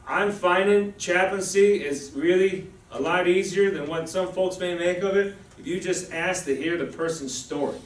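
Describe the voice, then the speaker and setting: Folksy man preaching in an echoey church. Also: on the high side. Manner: conversational, folksy preaching with asides. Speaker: pastor. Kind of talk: sermon. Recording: echoey room, voice from a distance.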